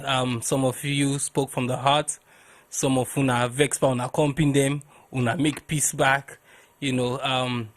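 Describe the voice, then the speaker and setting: A middle-aged Sierra Leonean man with a Krio accent co-hosts the show. His voice sits in a middling register. He speaks reflectively and pauses often with ums. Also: medium pitch. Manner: hesitant, many ums, reflective. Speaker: co-host.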